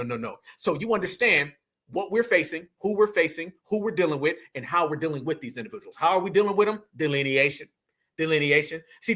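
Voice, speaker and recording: Host, man, fiery preachy monologue, high lively voice. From New York. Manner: emphatic, preachy, animated, addresses audience as fam. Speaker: political commentary host.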